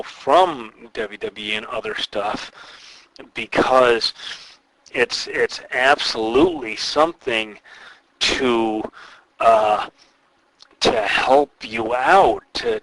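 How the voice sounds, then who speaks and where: A man's voice: mid-range voice, gravelly, a bit bright, no echo, poor audio. A man hosting a wrestling podcast, talking casually in a rambling, opinionated way with lots of fillers. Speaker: podcast host, wrestling promoter.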